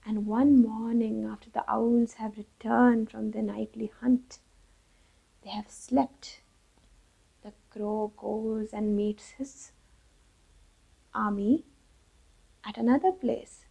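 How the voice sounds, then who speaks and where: Woman storyteller, lively fable telling, husky, gravelly, warm tone. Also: on the high side, slow pace, pauses often, dull audio. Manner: lively, changes voice for each character. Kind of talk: storytelling for children.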